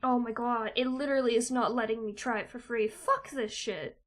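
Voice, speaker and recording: A woman's voice: on the high side, steady tone, normal speed. A young woman live-streaming, swearing and ranting to herself in exasperation. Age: young adult. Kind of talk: casual live-stream chat.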